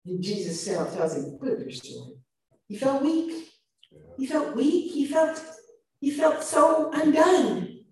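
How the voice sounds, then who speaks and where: Woman preaching, swings loud to soft, lots of echo, sounds far from the mic. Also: high voice, slow pace. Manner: animated, shifting loud and soft emphasis. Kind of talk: sermon. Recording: echoey room, mic far off.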